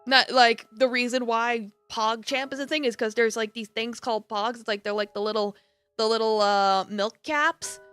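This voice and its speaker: A woman's voice: a little high, steady tone, normal speed, fairly bright tone, smooth, faint music behind. A young woman streamer chatting and joking through a game, rambling with lots of fillers. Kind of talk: live game commentary.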